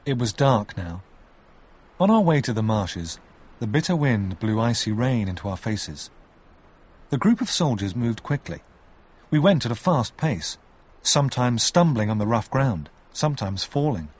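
A man reading a story aloud with expressive narration. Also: medium pitch, measured pace, slightly rough.

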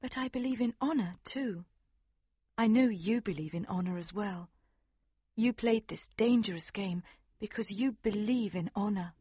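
Male narrator voicing a soft-spoken storybook princess: high, breathy, earnest, dutiful. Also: normal speed, no echo. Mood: tender. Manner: earnest and gentle. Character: tender, dutiful young princess.

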